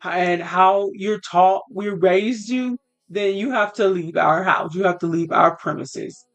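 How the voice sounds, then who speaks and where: A woman's voice: fairly low pitch, unhurried. A woman voicing a strict, domineering father who lectures his daughter about following the rules. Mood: stern lecturing. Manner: stern, lecturing.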